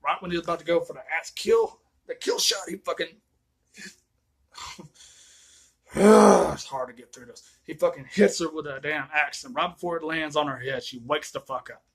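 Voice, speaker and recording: A man giving a casual movie review rant, retelling scenes in a profane, excitable way. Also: a little high, normal speed, long pauses, husky.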